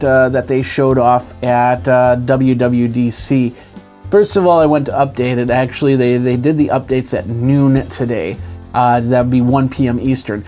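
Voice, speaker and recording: A man's voice: mid-range voice, a little mellow. Male tech host, casual and talky, mid-range voice, showing features as he goes. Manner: chatty, demonstrating on screen as he talks. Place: indoors at a desk with a TV and monitor.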